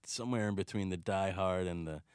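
A man co-hosting a casual comedy chat, animated and quick to slip into silly voices. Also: sits low, clear, resonant tone, no echo, studio quality. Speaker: podcast co-host.

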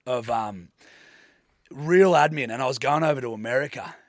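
A man's voice: medium pitch, normal speed, dry recording, studio quality. A young Australian man telling a story in a casual, swearing, laid-back chat, acting out the dialogue. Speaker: podcast guest.

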